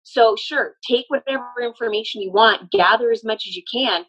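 A woman's voice: fairly high pitch, moderate pace, a bit bright. Woman medium relaying messages, earnest and explanatory, muffled recording. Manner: earnest, explanatory, often laughing. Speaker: medium channeling a spirit. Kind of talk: relaying messages in casual conversation.

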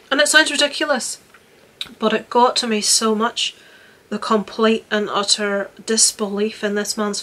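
Speaking in a mid-range, fairly bright voice, a young woman vlogs about movies she watched. Her casual review is earnest and wandering, with many false starts.

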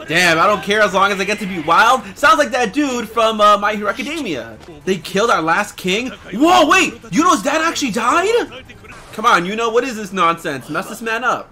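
A young man reacting to an anime episode out loud, excitable and slangy, shouting and laughing at the screen. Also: very high voice, normal speed. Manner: slangy casual talk. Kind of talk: live reaction commentary.

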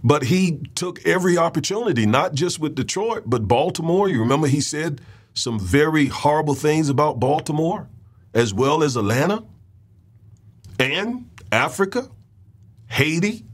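A man's voice: on the high side, expressive, normal speed. Man giving a casual commentary monologue. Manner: conversational, repeats words and restarts, asks audience checks. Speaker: political commentary host.

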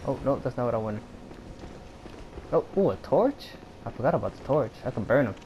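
A man giving excitable live commentary while playing a video game, talking to himself and his viewers and swearing when things go wrong. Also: medium pitch, a little fast, lo-fi sound, a little hiss or hum. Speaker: gamer.

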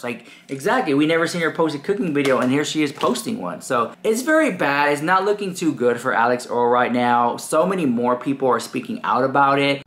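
A man hosting casual gossip commentary, chatty and animated. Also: medium pitch, a little fast, hardly any pauses. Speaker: commentary host.

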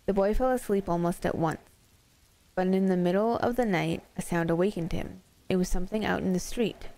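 A woman streamer with a low-ish, dark voice reads spooky stories aloud to her chat at a brisk clip. It's casual live storytelling, playful, and she laughs easily between stories.

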